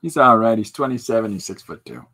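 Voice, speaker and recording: Husky-voiced man telling rambling stories. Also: fairly low pitch, lively intonation, pushed and bright. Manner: rambling, self-deprecating, laughs often; halting restarts with many fillers. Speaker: podcast host and artist. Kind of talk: casual storytelling chat.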